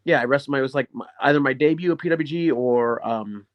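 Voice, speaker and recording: A man's voice: medium pitch, quick pace, slight background noise. A man who is a professional wrestler and guest on an interview show, telling stories casually and acting out quoted dialogue, with frequent swearing. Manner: animated, swears often, acts out quoted dialogue.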